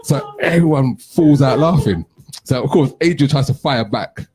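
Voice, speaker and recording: A middle-aged man hosting a radio chat, telling lively anecdotes and acting out what people said. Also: medium pitch, normal speed, slightly rough. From London. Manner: animated anecdote telling, acts out quotes. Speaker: radio show host. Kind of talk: casual storytelling chat.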